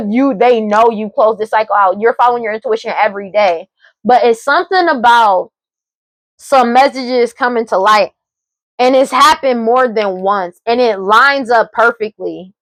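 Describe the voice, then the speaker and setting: A woman's voice: fairly high pitch, moderate pace, no room sound. Emphatic profane woman tarot reader. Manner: emphatic, profane, repetitive, laughs often. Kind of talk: casual tarot reading vlog.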